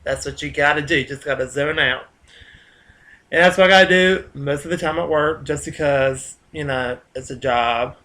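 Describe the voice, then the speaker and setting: A man's voice: on the high side, normal speed, sharp tone. A man with a Southern US accent, rambling casually in a vlog monologue, chatty and full of fillers and restarts. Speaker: vlogger.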